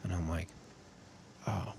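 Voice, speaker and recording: The speaker is a young man in his twenties from California, an army sergeant on a podcast, spinning rambling casual anecdotes peppered with "like." His voice sits low and moves slowly, gravelly yet a little mellow, with fairly even intonation over slight background noise.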